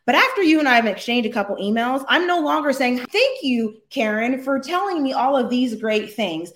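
A middle-aged American woman telling a story in an interview, animated and laughing often as she acts out quotes. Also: sits high, a little fast, hardly any pauses. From United States. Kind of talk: casual storytelling.

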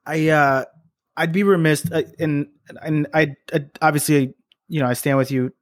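A man's voice: fairly high pitch, steady tone, no room sound. Hesitant man in dry sports talk. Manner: measured, hesitant, many fillers. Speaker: podcast co-host.

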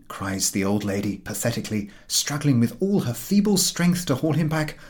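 A man's voice: mid-range voice, very animated, moderate pace, few pauses. A man reading a humorous book aloud in a dry, ironic way. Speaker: audiobook reader.

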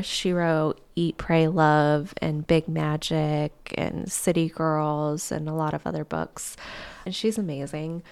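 Slow, smooth-voiced woman sharing candidly. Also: low-pitched. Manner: candid and conversational, with casual swearing; open and heartfelt. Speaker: podcast host. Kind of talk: personal podcast monologue.

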